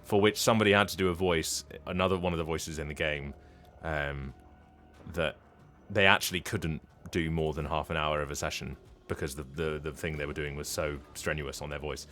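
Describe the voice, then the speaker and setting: A man's voice: a bass voice, fairly even intonation, fairly quick, fairly bright tone, soft background music. A man, a voice actor, chatting casually while streaming a game, rambling and correcting himself as he goes. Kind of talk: casual live-stream chat.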